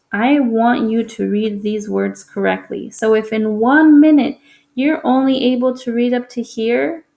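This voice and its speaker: Woman, elementary teacher, gently repetitive instructions for kids; slightly raised pitch with gravelly fry. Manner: patient, repeats instructions slowly and encouragingly. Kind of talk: explaining a homework assignment to young children.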